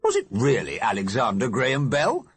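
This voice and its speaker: A man's voice: medium pitch, wildly swooping pitch, moderate pace, a little hiss or hum, pitched above the performer's own voice. A man reading an audiobook, voicing a muddled, earnest dead male alderman who speaks in a puzzled way.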